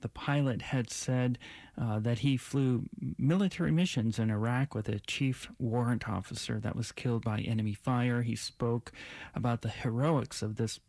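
A man's voice: medium pitch, fairly even intonation, darkish tone, dry recording. Dry-sounding male interviewer asking questions. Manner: measured, telling a story to set up a question.

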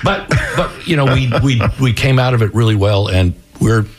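Husky-voiced middle-aged author. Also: male voice, mid-range voice, normal speed. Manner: rambling, repeats words. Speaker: author and theater director. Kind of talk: interview guest reading his novel.

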